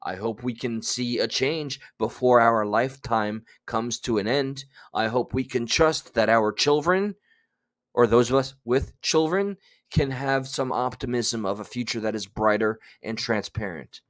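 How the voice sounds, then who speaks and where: A man's voice: mid-range voice, measured pace, fairly bright tone. A man hosting a casual livestream, chatting loosely and reading out viewer names. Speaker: livestream host.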